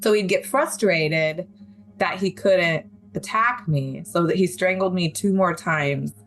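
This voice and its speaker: A woman's voice: on the low side, a little slow. Woman candidly retelling a survival story. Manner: candid, vivid retelling with nervous laughs. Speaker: guest telling her survival story. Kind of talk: personal story in an interview.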